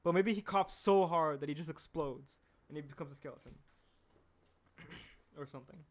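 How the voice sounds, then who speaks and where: A young man chatting casually on a livestream while he animates, rambling and reading chat aloud, clearing a throat that keeps tickling. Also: on the high side, normal speed, slight background noise. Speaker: animator streaming his work.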